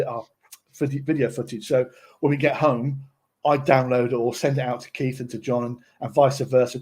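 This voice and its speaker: A man's voice: medium pitch, a little mellow. A man presenting a casual tutorial, chatty and often checking in with his listeners.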